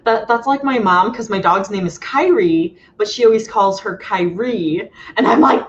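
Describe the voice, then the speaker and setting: A woman's voice: medium pitch, normal speed, highs cut off. A woman hosting a live writing stream, chatting casually and upbeat, with lots of fillers and frequent laughs. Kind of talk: casual livestream chat.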